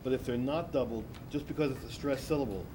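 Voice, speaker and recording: During a singing masterclass, a male vocal coach explains things patiently, often restarting his sentences. He talks fast in a mid-range voice, and the room recording is noisy.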